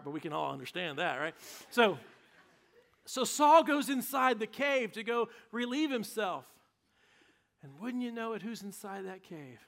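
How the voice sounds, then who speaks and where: High-voiced animated preacher. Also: male voice, unhurried, gravelly. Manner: animated storytelling with humorous asides. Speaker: pastor. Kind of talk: sermon.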